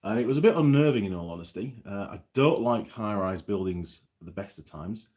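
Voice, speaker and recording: Low-voiced man chatting on a livestream. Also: expressive, fairly quick, warm tone. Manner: rambling, reads out viewer comments. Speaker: livestream host. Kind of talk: casual livestream chat. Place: New Zealand.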